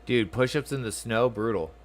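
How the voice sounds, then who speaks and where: A man's voice: mid-range voice, normal speed. A man giving casual, playful commentary while playing a video game. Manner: playful, chatty. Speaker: gameplay host.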